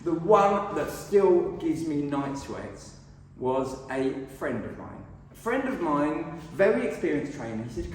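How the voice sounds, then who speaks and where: A man's voice: on the high side, a little slow, slight background noise. A middle-aged man giving a humorous, self-deprecating speech at a speaking club. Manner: animated self-deprecating storytelling. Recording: echoey hall from far off.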